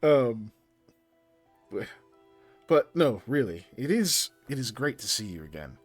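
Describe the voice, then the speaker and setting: A charming male devil, smooth and gently mocking, generous with his coin and never short of a compliment, as a man plays him at the game table. The voice rides lively ups and downs and sits a little higher than the performer's own. Soft music plays faintly underneath. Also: slow, no echo. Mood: teasing. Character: suave teasing male devil, generous patron.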